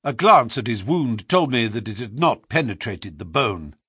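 Male audiobook narrator, measured and expressive, slightly husky, dry close recording. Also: no echo. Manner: measured storytelling, lively pitch.

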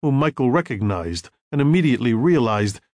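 Man, audiobook narration, measured storytelling, mid pitch, lively intonation, dry studio sound. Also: dry recording. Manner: measured storytelling with acted dialogue.

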